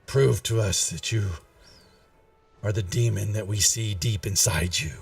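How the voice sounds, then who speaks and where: A man's voice: fairly low pitch, unhurried, vocal fry, far from the mic. A man voicing a menacing male demonic creature that commands a player to kill his companions. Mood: commanding. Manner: commanding, ordering slaughter.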